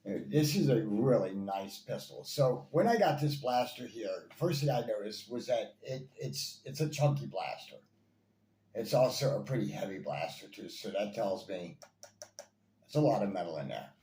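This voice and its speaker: A man with a lowish, warm voice chats casually about toy blasters, enthusiastic and rambling, with plenty of fillers and repeated phrases. There's slight background noise, an echoey room, and faint ambience.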